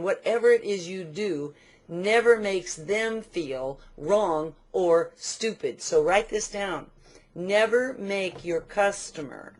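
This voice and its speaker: An older woman giving a motivational business training talk, telling stories and slowing down to stress key points. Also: lowish voice.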